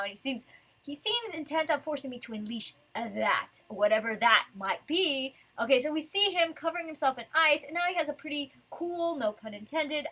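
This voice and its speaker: A young woman with a bright, forward voice and a slightly high pitch rambles excitedly through a comic review. Her talk is loose and gushing, with casual cursing thrown in. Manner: rambling, excitable fan commentary with casual swearing. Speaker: manga reviewer.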